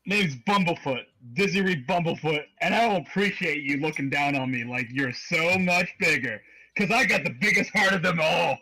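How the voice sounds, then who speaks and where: A man doing a feisty, husky halfling. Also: fairly high pitch, moderate pace, bright, forceful tone, rough recording. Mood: indignant. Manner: defensive, boastful. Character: feisty, proud male halfling.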